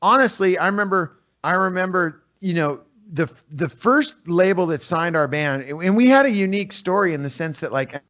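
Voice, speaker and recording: A middle-aged man from Northern California, a musician guest in an interview, telling his stories in a rambling, animated way full of "you know" fillers. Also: fairly high pitch. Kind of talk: casual storytelling interview. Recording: slightly muffled lo-fi audio.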